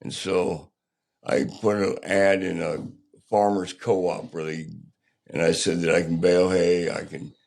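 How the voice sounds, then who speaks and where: An older man, a podcast guest, telling his own story candidly in a plainspoken, halting, rough-edged way. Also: deep voice, level tone, a little mellow.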